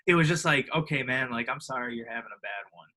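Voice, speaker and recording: A young man from Illinois, US, in his twenties, guests on a podcast and speaks quickly in a mid-range voice, captured on a rough recording. His storytelling is casual and lively; he acts out other people, uses many fillers, and often laughs.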